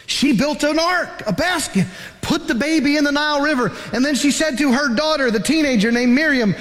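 A man pastor preaching a sermon, telling a Bible story with animated emphasis. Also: very high-pitched, a little fast, big-room sound.

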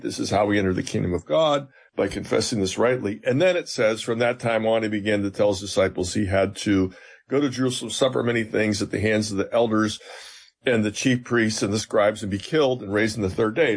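A man's voice: lowish voice, vocal fry, husky. A man, a seminary professor, explaining scripture as an interview guest in an earnest, teacherly way with emphatic retellings.

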